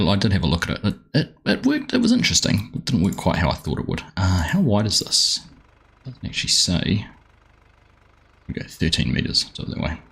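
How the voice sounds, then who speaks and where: Husky, low-voiced Australian man streaming. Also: fairly bright tone. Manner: chatty and rambling, greeting viewers by name. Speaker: game streamer. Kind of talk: casual live-stream chat.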